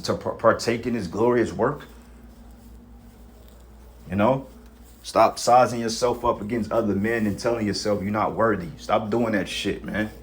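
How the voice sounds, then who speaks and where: Low-voiced man preaching casually. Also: slight background noise. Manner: casual street talk with profanity, repeats "you know what I'm saying". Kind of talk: informal sermon exhortation.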